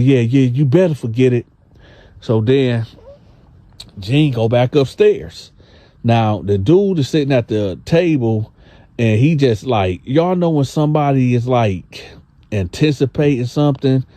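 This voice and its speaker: A man's voice: medium pitch, dark tone, dry recording. A man narrating a story casually, talking straight to the listeners and repeating himself. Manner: conversational, addresses listeners, repeats words.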